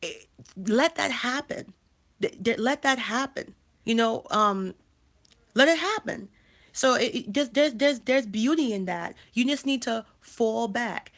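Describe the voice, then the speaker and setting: Emphatic woman in her thirties, higher voice. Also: lively intonation, unhurried, a bit bright. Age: 30s. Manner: emphatic, repeats phrases, frequent restarts. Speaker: life coach and channel host. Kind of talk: casual livestream talk.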